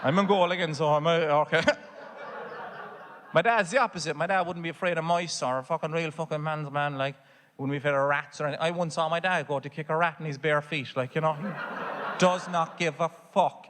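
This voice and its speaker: Man, cork irish accent, stand-up comedian, sweary storyteller, fairly high voice, reverberant theatre. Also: a little fast, a bit bright. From Ireland. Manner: swearing, storytelling with exaggerated voices for his family. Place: theatre stage before a laughing audience.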